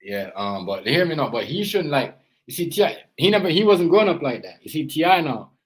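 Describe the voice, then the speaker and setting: A man's voice: a little high, very animated, a little fast, rough recording. A man and father giving casual reaction commentary, rambling and earnest, filling his talk with "you know" and "as I said". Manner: earnest, lecturing tone about parenting. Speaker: parent and reaction vlogger.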